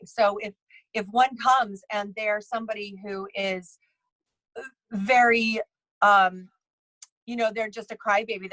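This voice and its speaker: Woman, mid-pitched, rambling casual storyteller, lots of restarts, dry close sound. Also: fairly bright tone, no echo, low-quality recording. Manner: rambling, with many restarts and fillers; acts out other people's lines in her stories. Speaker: psychic medium and bridal tailor, podcast guest.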